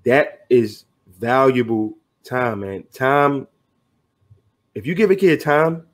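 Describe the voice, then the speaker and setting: A man's voice: mid-range voice, lively intonation, slow. A middle-aged man talking earnestly as a podcast guest, motivational and loose with slang. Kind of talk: casual podcast conversation.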